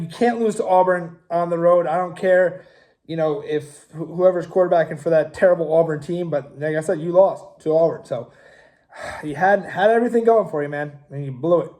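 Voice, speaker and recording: A young man with a fairly high voice holds forth on his own show, rambling through opinionated predictions in a loose, casual manner. He circles back to his points, hedges, then commits hard. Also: normal speed, a little mellow. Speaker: show host. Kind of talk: casual sports talk.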